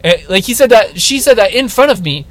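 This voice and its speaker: Animated young man telling a story. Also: high-pitched, brisk. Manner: animated storyteller, acts out quotes. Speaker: podcast co-host. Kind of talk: casual storytelling chat.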